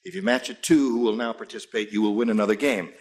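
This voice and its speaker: A man hosting a game show, explaining the rules in a brisk, jokey way. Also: medium pitch, sing-song, vocal fry, darkish tone. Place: TV studio with audience. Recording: noisy studio with audience.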